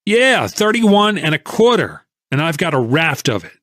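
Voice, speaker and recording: An enraged stock speculator yells his accusations in a raised, swinging voice, as a man puts him on for an audiobook. He sputters and cries out, barely able to speak for anger. The sound is dry and close. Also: fairly high pitch, sing-song, moderate pace, no echo, voice pushed up. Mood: angry shouting. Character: furious male speculator, small but swelled with anger. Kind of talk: audiobook character voice.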